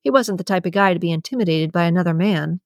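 A woman narrating a romance audiobook in a steady, even storytelling manner. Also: lowish voice, fast talker, dry recording, studio quality. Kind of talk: scripted narration.

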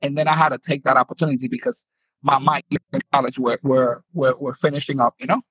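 A medium-pitched, husky voice delivers fast, animated stories from a former pro baseball player in his fifties, originally from the Dominican Republic, with a New York accent. He's a guest in a storytelling interview, acting out quotes and laughing often. There's no room sound, and the recording is rough.

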